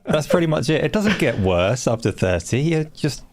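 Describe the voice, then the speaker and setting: A middle-aged man co-hosting a casual gaming talk show, measured and wry. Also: on the high side, big pitch swings. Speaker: co-host.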